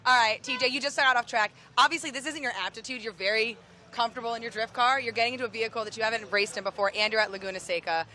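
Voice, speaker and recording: A woman's voice: fairly high pitch, steady tone, racing, sharp tone. A woman interviewing drivers at a racetrack during a live event, upbeat and enthusiastic. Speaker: trackside interviewer. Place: outdoors at a racetrack.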